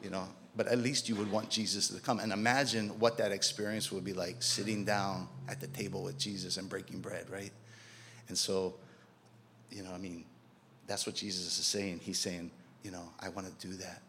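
Low-voiced man preaching conversationally. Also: flat delivery, moderate pace, a bit bright, slight background noise. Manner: conversational preaching, rhetorical questions, acts out quotes. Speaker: pastor. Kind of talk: sermon.

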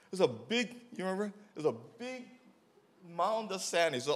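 A man's voice: high voice, animated, moderate pace. A middle-aged man telling a casual testimony about volunteer work, rambling with many fillers and acting out the dialogue as he goes. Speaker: mission trip volunteer giving a testimony.

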